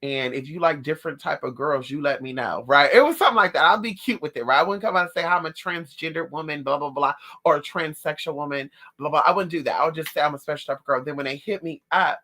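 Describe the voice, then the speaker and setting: A woman's voice: low voice, quick pace, few pauses, pushed and bright. A woman telling a personal story in a sassy, dramatic way, calling her listeners honey and girl. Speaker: spiritualist vlogger. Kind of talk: casual storytelling to camera.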